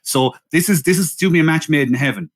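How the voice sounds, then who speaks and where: A man's voice: a little high, fast. A man co-hosting a podcast, steering a casual film chat with wry remarks and laughing along. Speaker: podcast co-host.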